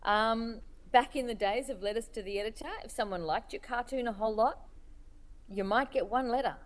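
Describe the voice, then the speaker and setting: Halting, thoughtful woman. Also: fairly high pitch. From Australia. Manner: thoughtful, halting, searches for words. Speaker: cartoonist guest. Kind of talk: reflective interview talk.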